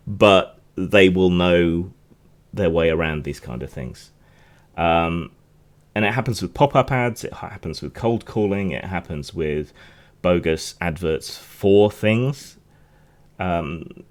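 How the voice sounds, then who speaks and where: A man hosting a podcast, talking through the news in a rambling, chatty way with frequent restarts and asides. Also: low voice. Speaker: podcast host. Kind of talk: casual news commentary.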